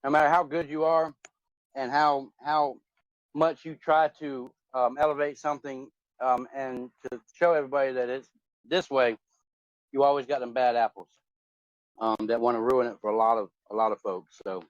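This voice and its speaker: This casual phone chat on a voice chat app comes from a man in his forties with a mid-range, steady voice at normal speed. He wanders through the conversation with lots of fillers and restarts, and the lo-fi phone audio is dull, without echo.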